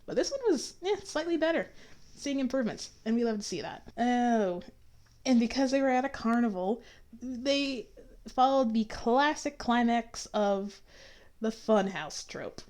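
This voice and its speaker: A woman's voice: fairly high pitch, lively intonation, unhurried, a little mellow. A woman giving an opinionated, chatty review with sarcastic asides. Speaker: YouTube reviewer. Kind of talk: casual review commentary.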